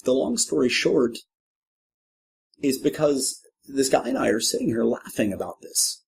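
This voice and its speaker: Speaking at a measured pace with vocal fry, a middle-aged clown guesting on a podcast tells a lively, self-deprecating story against slight background noise. He slips into quoted characters, swinging his pitch widely for each.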